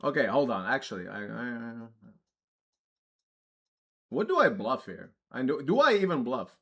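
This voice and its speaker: A poker streamer chatting casually on a live stream, thinking out loud and joking at his own expense. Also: mid-range voice, big pitch swings, normal speed, gravelly, breathy edge. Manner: chatty, self-mocking, thinks out loud with restarts.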